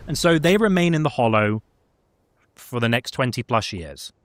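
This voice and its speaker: A man talks through a video game's backstory in a loose, chatty way, full of fillers and asides. His voice sits at a middling pitch, relaxed and conversational. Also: normal speed, no echo, studio quality. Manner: chatty, many fillers and laughs. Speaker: gaming lore presenter. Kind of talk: casual lore recap chat.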